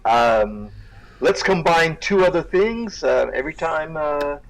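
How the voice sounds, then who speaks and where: A man's voice: fairly high pitch, lively intonation, takes it slowly, low-quality recording. A man co-hosting a casual chat, rambling with fillers and laughing as he comments on videos. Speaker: co-host.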